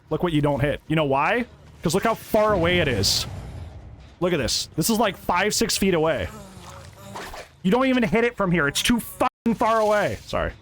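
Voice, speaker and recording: A man's voice: fairly high pitch, a bit bright. A man streaming a game live, chatting casually with his viewers and reacting to the match as it plays. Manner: chatty, reacts and laughs often, greets chat. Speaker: gaming streamer. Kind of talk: live gameplay commentary.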